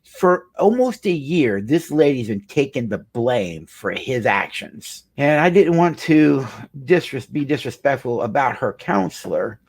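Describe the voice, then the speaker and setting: A man's voice: medium pitch, sing-song, unhurried, a little mellow, slightly rough. A middle-aged man, a marriage counselor, telling a client story to the camera with emphatic, preacher-like delivery.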